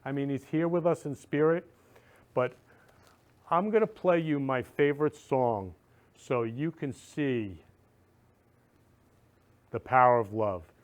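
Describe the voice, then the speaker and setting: A man's voice: mid-range voice, slow pace, long pauses. A man hosting a talk show, gushing and repeating himself, emotional, leading a spoken prayer.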